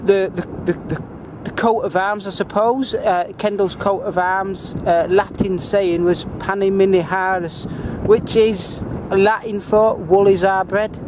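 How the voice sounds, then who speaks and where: A man's voice: high voice, steady tone, measured pace, noisy background. A man with a Northern English accent giving a casual, hesitant walking-tour narration outdoors by a river, full of filler sounds as he explains things simply for foreign viewers. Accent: Northern English, Cumbrian. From England. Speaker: amateur video tour guide.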